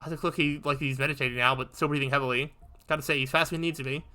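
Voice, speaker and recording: Quick, bright male let's-play host, chatty and joking. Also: a little high, steady tone, soft background music. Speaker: gaming channel host. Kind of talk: casual let's play commentary.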